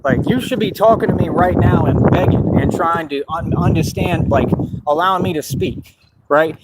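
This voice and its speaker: A man rants defiantly at his viewers, repeating himself and calling them out. His voice sits a little high for a man. Loud background noise runs under the whole recording. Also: moderate pace. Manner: defiant, repetitive, addresses viewers as y'all. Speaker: vlogger. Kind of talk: direct-to-camera rant.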